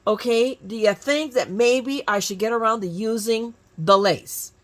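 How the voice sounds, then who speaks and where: Unhurried and fairly high-pitched, this woman is a crafting YouTuber in her fifties from California. Her casual tutorial chat includes plenty of restarts and lighthearted digs at herself.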